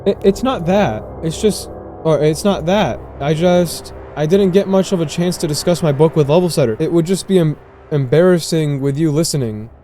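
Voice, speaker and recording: A man's voice: fairly high pitch, moderate pace, warm tone, a little hiss or hum, natural voice. A man reading out the lines of a shy, bookish teenage girl from a visual novel, stammering and apologetic. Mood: timid.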